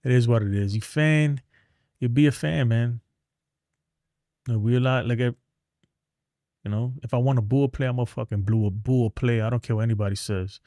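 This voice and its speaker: A man's voice: medium pitch, a little fast, pauses often, warm tone, no room sound, studio quality. Blunt New guy ranting. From New York. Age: middle-aged. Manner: blunt, rambling, drops to mumbles. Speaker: sports streamer. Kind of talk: casual livestream rant.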